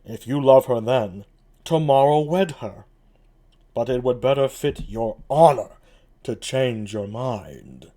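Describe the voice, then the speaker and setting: A man's voice: medium pitch, animated, slow, mellow. A man reading aloud as a mopey, gloomy male villain in a solo play reading. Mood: mopey scheming.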